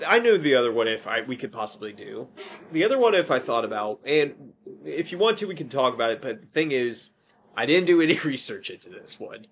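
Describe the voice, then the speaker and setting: A man's voice: mid-range voice, fairly bright tone. Man, podcast host, casual rambling chat, self-correcting, faint background hiss.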